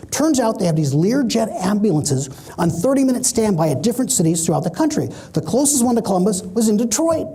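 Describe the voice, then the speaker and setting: Mellow, husky-voiced man telling stories. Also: high-pitched. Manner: animated storyteller, acts out quoted voices. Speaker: motivational speaker. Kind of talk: keynote speech with stories.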